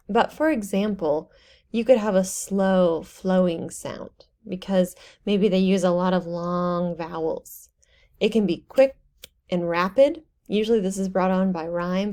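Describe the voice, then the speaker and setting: A woman's voice: mid-range voice, darkish tone. Casual woman lecturing on poetry. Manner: explanatory, casual teaching with fillers and self-corrections. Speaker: online course instructor. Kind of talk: recorded lecture narration.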